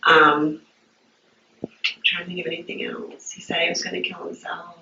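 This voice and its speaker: A woman's voice: lowish voice, level tone, normal speed, creaky, sharp tone, a little hiss or hum. A woman recounting events to a detective in a police interview, hesitant and stumbling, repeating her words. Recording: muffled roomy archive interview tape, distant.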